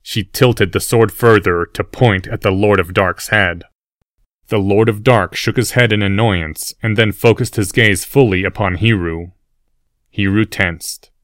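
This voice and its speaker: A man narrating a fantasy story in a steady, scripted reading. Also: fairly low pitch, a little slow, no room sound, studio quality.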